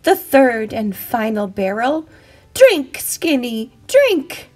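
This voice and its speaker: A woman's voice: on the high side, big pitch swings, takes it slowly, a little mellow, faint music behind, full character voice. A woman voicing a bossy, grand male goat who fancies himself a scientist, speaking in a lofty, declaring way. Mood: pompous.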